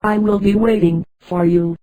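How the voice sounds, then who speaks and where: A text-to-speech woman's voice reading the lines of a nervous male helicopter pilot in a flat, unchanged voice. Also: medium pitch, moderate pace, dry recording, lightly acted. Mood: plain. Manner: flat synthetic read, no change of voice.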